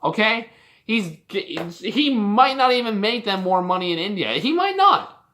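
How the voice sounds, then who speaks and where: A young adult vlogger from Canada rants in a loose, unscripted way, swearing freely and sounding exasperated. The voice is bright and forward, at a middling pitch. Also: big pitch swings, unhurried, a little hiss or hum. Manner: heated, profane, exasperated ranting. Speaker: wrestling commentary vlogger. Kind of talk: casual opinion rant.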